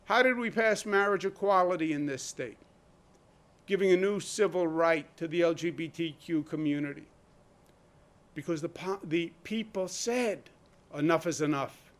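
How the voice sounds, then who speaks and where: Emphatic New man, high voice. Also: normal speed. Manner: emphatic, rhetorical questions. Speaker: state governor. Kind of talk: press conference speech. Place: press room.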